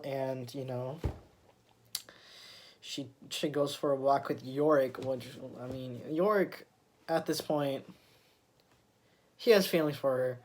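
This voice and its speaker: A man's voice: medium pitch, slow, pauses often, darkish tone, slight background noise. A man casually recapping a comic issue, rambling with many fillers and restarts as he retells scenes. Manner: retells scenes with quoted lines. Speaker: comic book reviewer.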